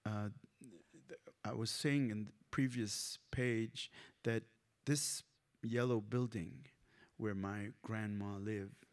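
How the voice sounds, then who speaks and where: A man from Lebanon, a comics author, reading his work aloud at a library event with wry, halting asides. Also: fairly low pitch. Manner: halting, self-correcting, wry. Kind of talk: live reading with commentary.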